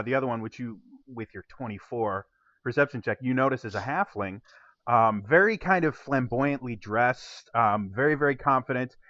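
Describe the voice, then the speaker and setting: A man's voice: medium pitch, fairly bright tone, no echo, muffled recording. A young man narrating a tabletop game as game master, with a rambling delivery full of fillers.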